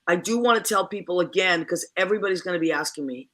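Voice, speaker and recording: Woman host, chatty and animated; bright tone. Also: lowish voice, fast. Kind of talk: casual chat.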